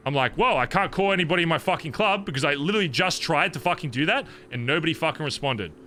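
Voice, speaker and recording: A man in a roleplay scene, recounting a betrayal in a heated, profane rant. His voice is bright and tense, pitched a little high. It swings widely as he vents. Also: fast, slight background noise. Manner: heated, profane venting, animated retelling. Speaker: streamer in character. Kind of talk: in-character roleplay conversation.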